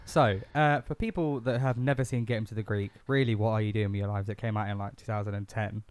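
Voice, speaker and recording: A man's voice: lowish voice, steady tone, quick pace, smooth, dry recording. A man co-hosting a casual podcast chat, rambling and laughing often as he talks through a film. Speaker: podcast co-host.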